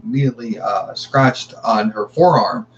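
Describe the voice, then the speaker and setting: Middle-aged man, guest telling a haunting story, stammers and repeats himself, ordinary mid pitch, slightly dull sound with faint hiss. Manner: halting, repeats words, acts out quotes. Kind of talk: recounting paranormal experiences.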